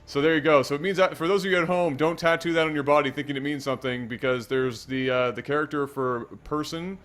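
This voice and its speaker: A man's voice: a little high, steady tone, fast, fairly bright tone. Man, game caster, chatty, joking, crude, casual talk. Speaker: game commentator. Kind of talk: casual gaming commentary.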